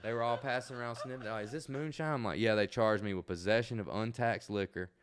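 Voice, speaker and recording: A young man telling a wild story in casual, profane, animated chat. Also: medium pitch, fast talker.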